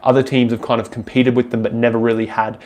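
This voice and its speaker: A man's voice: mid-range voice, little pitch movement, fast, darkish tone. A young Australian man with an Australian accent, casually answering viewer questions on a live stream in a loose, rambling way, full of ums and restarts.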